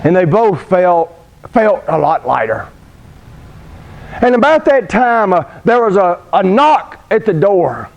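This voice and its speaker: Male preacher, storytelling sermon, high voice, deliberate pauses, dull lo-fi recording. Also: big pitch swings.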